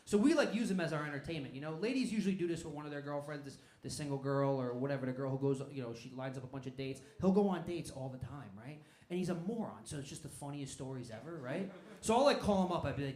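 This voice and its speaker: A man doing a stand-up set, telling stories fast and working the crowd, in a comedy club with a handheld mic. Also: a little high. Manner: fast, animated storytelling with crowd work. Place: comedy club stage with laughing audience. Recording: echoey club with crowd laughter.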